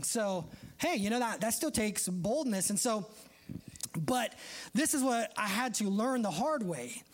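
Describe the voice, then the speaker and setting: A preacher giving a sermon in a conversational style, with joking asides and laughter. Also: mid-range voice.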